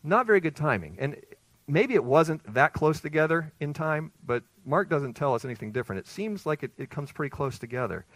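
A man's voice: a little high, big pitch swings, a little fast, fairly bright tone, dry recording. A man preaching an expository sermon with emphatic rhetorical questions that build in intensity. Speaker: pastor.

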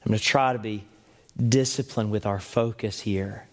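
A man's voice: fairly low pitch, fairly even intonation, normal speed. A man preaching a sermon in an earnest, emphatic way, with rhetorical questions to the congregation.

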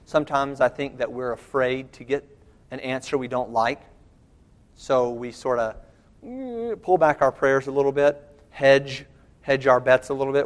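A man preaching a sermon, telling a rescue story dramatically, swinging between quiet asides and loud, urgent lines. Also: medium pitch, moderate pace, in a large hall.

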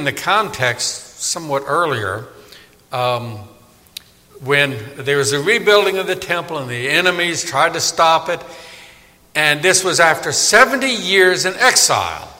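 A man delivers a sermon with a bright, ringing voice that climbs and dips expressively. He keeps it conversational, tossing questions to his listeners, and his words trail off into a long hall reverb. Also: on the high side, moderate pace. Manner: animated, conversational, asks the audience questions. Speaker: preacher. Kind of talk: sermon Bible study.

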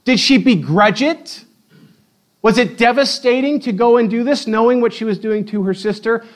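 A man preaching a sermon, telling the story in a lively, playful way and acting out the quotes. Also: extremely high pitch, normal speed. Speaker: pastor.

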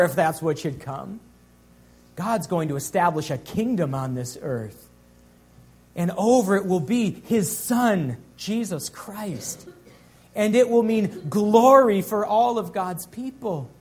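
A high-pitched male pastor delivering a sermon. He preaches earnestly, drawing out key phrases and rising in force on the big lines. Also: husky.

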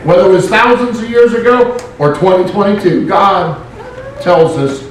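A male pastor preaching a sermon in an animated way, with joking asides. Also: high voice, normal speed, a little hiss or hum. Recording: very echoey room, mic far off.

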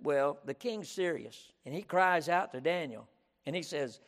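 A man preaches a sermon in an echoey auditorium, his voice on the high side and a bit slow. His style is emphatic and repetitive, punctuated again and again by "listen."

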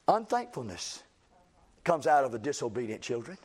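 A man's voice: medium pitch, very animated, a little fast, darkish tone, slightly rough. A male preacher, delivering a sermon in a church with a repetitive, emphatic cadence.

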